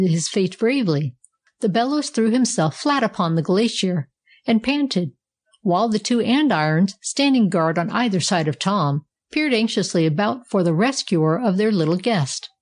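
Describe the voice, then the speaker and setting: A woman narrating a storybook with a measured, expressive reading style. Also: medium pitch.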